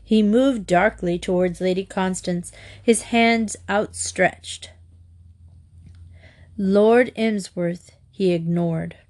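A woman narrating a comic novel in a wry, expressive audiobook reading. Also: medium pitch, takes it slowly.

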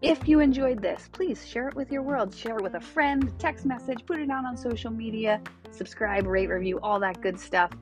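A woman's voice: on the high side, moderate pace. A woman podcast host giving a grateful sign-off at the end of an episode. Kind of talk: podcast outro. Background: soft music.

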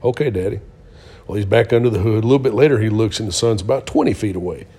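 A middle-aged man races through casual testimony and storytelling as co-host of a Christian talk show. His fairly low voice is mellow and slightly rough, and he speaks earnestly like a preacher, using many fillers.

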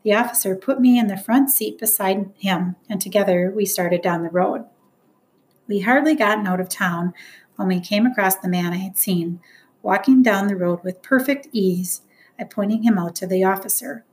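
A woman reading a first-person novel aloud as an audiobook narrator, earnest and measured. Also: medium pitch, a little mellow.

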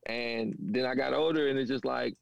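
A man in his thirties from a Panamanian-American family tells stories in casual slang, acting out quotes. His voice has a gravelly fry in it. The sound is dry and slightly dull. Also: mid-range voice, normal speed, no echo. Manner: animated, slangy, acts out quotes, repeats "you know what I'm saying". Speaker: guest. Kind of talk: casual conversation, storytelling.

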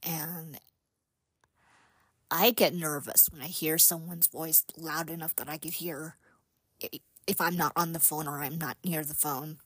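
A woman hosting a casual solo podcast, speaking softly and haltingly with many fillers and whispered asides. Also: sits low, steady tone, husky, no room sound. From United States. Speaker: podcast host.

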